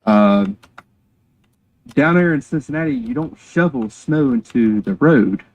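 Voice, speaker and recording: A man's voice: medium pitch, animated, measured pace, a little mellow, muffled recording, a little hiss or hum. A man, chatting on a game stream and telling a joking, rambling story with casual swearing. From North Carolina, USA.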